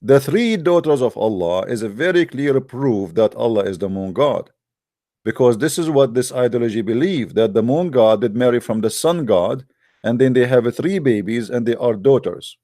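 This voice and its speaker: A man with a middle-pitched voice gives a heated online talk, repeatedly pressing his listeners with rhetorical questions. He calls the audience guys, speaks with non-native grammar, and often restarts his sentences. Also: expressive, moderate pace, mellow. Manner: addresses the audience directly as guys. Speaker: religious debate speaker.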